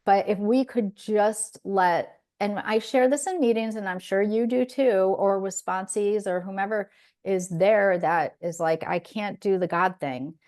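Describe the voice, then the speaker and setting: A woman's voice: mid-range voice, measured pace, a little mellow. A woman hosting a podcast in casual chat, talking in an earnest, reflective way with frequent restarts. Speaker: podcast host.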